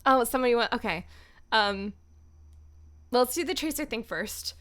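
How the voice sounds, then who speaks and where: Young woman voice-actor streamer, giggly, chatty and self-deprecating, a bit high-pitched, unhurried. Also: a bit bright. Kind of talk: casual livestream chat. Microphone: streaming microphone.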